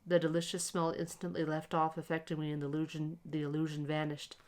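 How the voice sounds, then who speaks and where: Meant for relaxation, this reading of a classic short story comes from a woman with a deep voice. She narrates in a calm, measured way, with plenty of expression.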